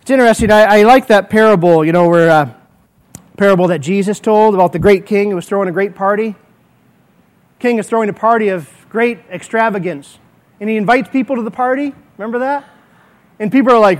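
A male pastor delivering a sermon to a congregation. His voice sits notably high for a man. He is emphatic and slows down deliberately to drive his main points home. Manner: emphatic, slows down to stress key words.

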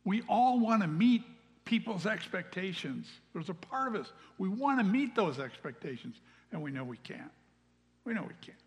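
A man giving a sermon as pastor, earnest, swinging between loud calls and hushed asides. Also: sits high, very animated, moderate pace. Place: church sanctuary. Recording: long reverb of a large hall.

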